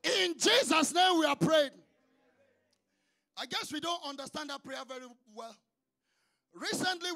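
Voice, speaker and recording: A man leading a congregation in fervent, shouted prayer. He chants repeated calls to the Lord and drops to quieter exhortation between prayers. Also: extremely high pitch, creaky. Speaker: prayer leader.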